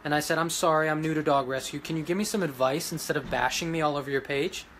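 A man's voice: fairly high pitch, steady tone, fast talker, a little hiss or hum. Agitated man ranting to followers. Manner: agitated, pleading, swings between quiet and loud. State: emotional after crying. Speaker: vlogger running a dog rescue. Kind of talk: emotional ranting vlog to followers.

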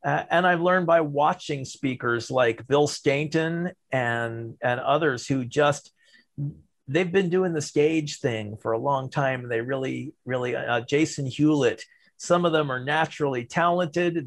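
Animated, fairly high-voiced man coaching. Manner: animated, varies loudness and pauses for emphasis. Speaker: storytelling and speaking coach, guest. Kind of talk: podcast interview answers.

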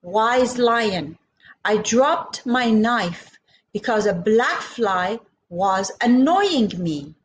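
A woman's voice: on the high side, animated, extremely slow, a little hiss or hum. A woman voicing an ordinary man who explains himself to the lion. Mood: explaining. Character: ordinary man from the jungle, calm.

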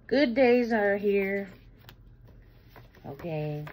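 Blunt, lively woman doing a tarot reading. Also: mid-range voice, drawn-out words, slight background noise. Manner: blunt, explicit and animated, swings between loud and murmured. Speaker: tarot reader. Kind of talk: casual tarot reading monologue.

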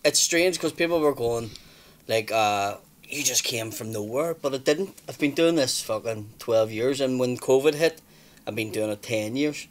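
A man's voice: mid-range voice, moderate pace. A man in his thirties with a Belfast accent, a stand-up comedian telling stories bluntly, swearing freely and acting out what people said. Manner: blunt storyteller, swears freely, acts out quotes. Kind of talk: casual chat.

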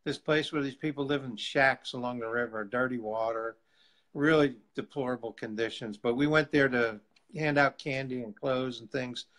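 Brief: male guest evangelist, casual storytelling, mid pitch, acts out the quotes. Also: poor audio. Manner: lively storyteller, laughs often, acts out quotes.

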